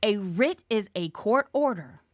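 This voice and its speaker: A woman's voice: medium pitch, animated, measured pace, dry recording, clean studio sound. A woman tutoring real estate exam questions in a live webinar, playful and chatty. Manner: playful, chatty, sings snippets and cheers.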